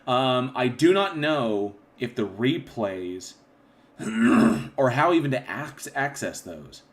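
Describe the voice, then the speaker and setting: A man hosting a casual livestream, reading chat comments aloud and rambling with frequent throat clearing and restarts. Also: medium pitch, animated, slow. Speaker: channel host.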